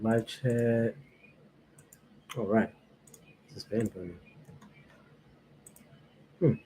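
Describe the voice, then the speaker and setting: A man's voice: fairly low pitch, steady tone, extremely slow, dark tone, slight background noise. A man hosting his first livestream, chatting casually and nervously with viewers, greeting them by name and laughing often. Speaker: livestream reaction host.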